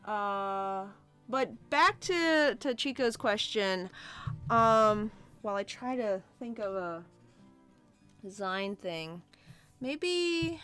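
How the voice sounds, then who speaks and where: A woman's voice: medium pitch, animated, extremely slow, bright, forceful tone, clean tone, faint music behind. A woman streaming a drawing session, chatting casually and giggling as she reads viewer comments aloud. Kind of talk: casual livestream chat.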